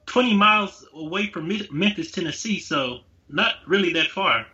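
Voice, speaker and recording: A man's voice: high-pitched, animated, moderate pace, bright, forceful tone, dull audio. A man co-hosting a casual podcast chat with brief, easygoing interjections.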